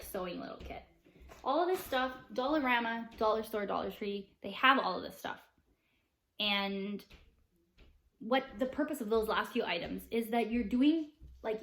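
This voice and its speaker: A woman's voice: a little high, roomy sound. A woman, a mother vlogging, chatting upbeat to camera with plenty of fillers. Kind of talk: casual chat to camera.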